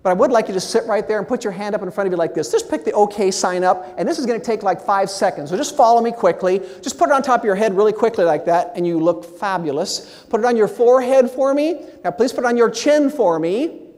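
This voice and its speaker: A man giving a keynote speech at a meeting, with lively, shifting inflection. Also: high-pitched, fast talker. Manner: animated, expressive inflection. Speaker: motivational speaker. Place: large meeting hall. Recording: long hall reverb.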